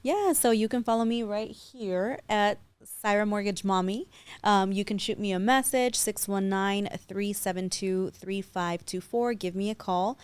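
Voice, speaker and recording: A woman's voice: medium pitch, measured pace, clean tone, no echo. A woman in her thirties, a loan officer guest, talking upbeat and confident in a casual interview and slipping in bits of Spanish. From San Diego.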